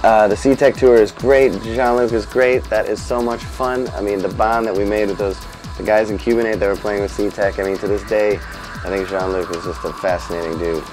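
A man being interviewed, telling animated, profane anecdotes about his band. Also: on the low side, normal speed, music in the background, low-quality recording. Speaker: musician interviewee. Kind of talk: storytelling interview.

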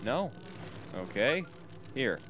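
Speaking slowly but very animatedly at a medium pitch, a man rambles through a video game let's play, addressing viewers and making jokes about himself. Game music and background noise can be heard.

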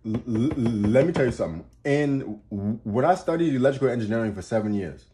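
Animated and brisk, a man with a dark, mid-range voice gives astrology advice in an offhand motivational monologue. He gets worked up and laughs, swearing, repeating and restarting words to drive points home.

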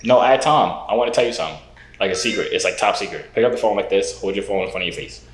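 A man's voice: low voice, rapid-fire, roomy sound. A young man vlogging, teasing strangers on a video call with a playful, mock-serious manner. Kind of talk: prank video-call chat.

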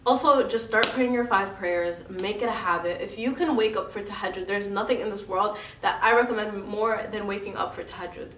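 A woman's voice: mid-range voice, a little fast, few pauses, fairly bright tone, a little hiss or hum. A young woman talks earnestly to her viewers, encouraging them in a casual faith chat. Her nose is stuffed up. She sits a little back from the mic in a roomy, echoey space. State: congested nose. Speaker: vlogger host. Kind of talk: casual motivational faith talk. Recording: echoey room, mic at a distance.

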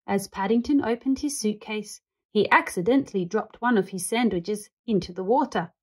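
A woman reading a children's picture book aloud, with calm, clear storytelling. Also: medium pitch, moderate pace. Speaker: read-aloud host.

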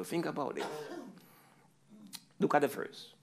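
A man's voice: on the high side, flat delivery, a little slow, long pauses, a bit bright. A male pastor preaching a fervent sermon, rising into repeated pleading cries.

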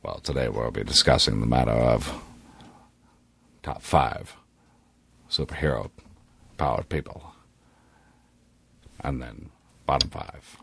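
A man putting on a slow, mock-serious impression of a deep-voiced wise older narrator. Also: creaky, a bit bright, slight background noise, heavily acted. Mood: mock solemn.

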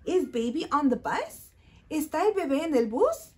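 A woman's voice: sits high, sing-song, moderate pace, darkish tone. A woman reading a bilingual storytime for small children, sing-song and exaggerated, switching between English and Spanish. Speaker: children's librarian.

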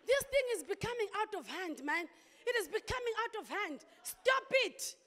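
A woman pastor delivering an impassioned sermon, with sudden loud outbursts. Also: extremely high pitch, very animated, normal speed, a faint crowd. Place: church hall. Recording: long hall reverb.

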